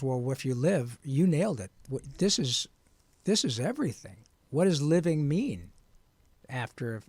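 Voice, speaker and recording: A man, a voice actor, telling his story in an interview in an earnest, animated and frank way. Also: mid-range voice, no echo. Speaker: guest voice actor.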